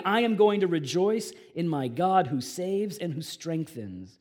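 A man preaching a sermon to his congregation, earnest and conversational, swinging between quiet reflective passages and emphatic raised lines. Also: high-pitched, sing-song, normal speed, hardly any pauses. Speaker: pastor.

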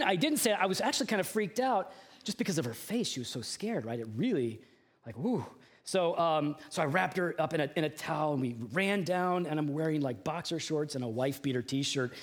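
A male pastor giving a sermon in a conversational way, full of chatty asides and fillers. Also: a little high. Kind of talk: sermon with personal anecdote.

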